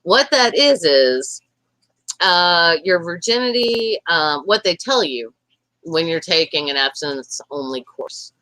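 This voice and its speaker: Frank rambling Southern woman, bright tone. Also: on the low side, animated, slow, no room sound, low-quality recording. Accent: Southern American. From Tennessee. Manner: rambling, frank and profane, with many fillers. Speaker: podcast co-host. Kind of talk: casual chat.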